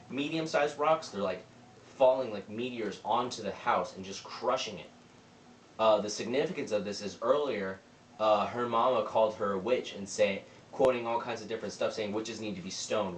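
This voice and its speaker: A man's voice: on the low side, moderate pace, a little hiss or hum. A young man casually retelling a movie plot for a review, rambling through the scenes and quoting the characters. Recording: roomy, distant mic with faint ambience.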